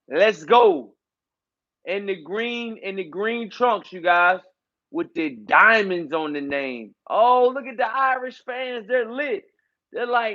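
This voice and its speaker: Hyped high-voiced man streaming fight commentary. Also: slow, bright, forceful tone, dull audio. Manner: loose, hyped, repeats catchphrases and fillers like man and y'all. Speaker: boxing commentator and channel host.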